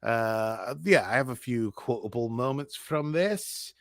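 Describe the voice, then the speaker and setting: Male co-host, mid-pitched, rambling casual recap chat, dry close sound. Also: animated, unhurried, dry recording. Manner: rambling, chuckling, many fillers. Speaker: podcast co-host.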